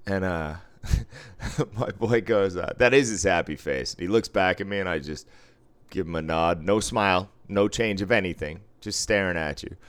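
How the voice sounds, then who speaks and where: A man's voice: low voice, a little slow, clean tone. A man working as a casino dealer, telling stories in blunt, profane casual chat.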